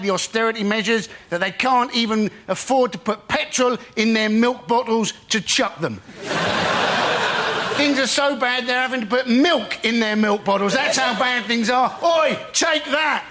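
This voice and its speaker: A man's voice: very high voice, bright, forceful tone. A man performing a punchy, mock-exasperated stand-up routine on a comedy show.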